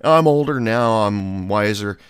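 A man's voice: fairly low pitch, unhurried, smooth, no room sound. A middle-aged man, a bartender, telling a story in a casual, sarcastic and blunt way.

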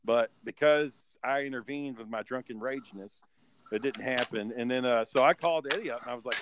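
A man's voice: mid-range voice, a little fast, a little hiss or hum. A man telling a rowdy story in casual chat, swearing freely and acting out what people said. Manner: profane, animated storytelling with acted quotes. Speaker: storyteller guest.

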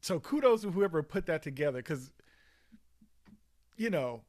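A man co-hosting a casual podcast, talking in a rambling, animated way with many restarts. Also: fairly high pitch, normal speed, dry recording. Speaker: podcast co-host. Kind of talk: casual chat.

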